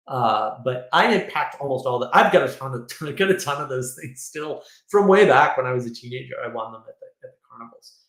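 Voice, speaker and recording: Man, livestream host, opinionated, rambling, middle pitch, echoey room. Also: animated, fairly bright tone. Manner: opinionated, rambling, quick asides. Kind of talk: casual livestream monologue. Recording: roomy echo.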